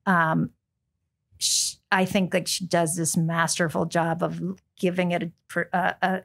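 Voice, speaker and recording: Chatty American woman with gravelly voice. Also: on the low side, flat delivery, a bit bright. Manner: chatty, many ums and restarts, quick asides. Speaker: book editor, podcast guest. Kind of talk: casual interview chat.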